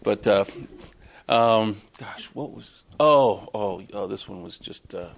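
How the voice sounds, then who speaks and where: A Florida author tells anecdotes to an audience at a book talk, rambling and interrupting himself with many fillers, restarts and chuckles. His voice is fairly low and creaky, and he takes it slowly.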